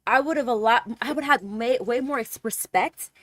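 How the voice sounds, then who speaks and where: Animated, profane young woman telling a story. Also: on the high side, moderate pace, no room sound, studio quality. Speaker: streamer. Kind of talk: casual storytime.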